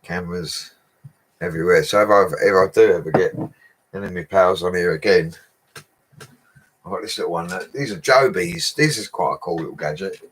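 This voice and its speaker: Low-voiced tradesman chatting on a livestream, matey and quick to laugh while reading comments. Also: fairly bright tone, a little hiss or hum. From England. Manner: chatty, laughs often, talks to viewers as mates. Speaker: bricklayer livestreamer.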